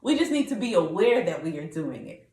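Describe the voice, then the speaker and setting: A woman's voice: fairly low pitch, sing-song, fairly quick, a little mellow, roomy sound, distant mic, rough recording. A woman hosting a podcast, delivering a preachy, rallying monologue to her listeners and sometimes breaking into song. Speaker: podcast host.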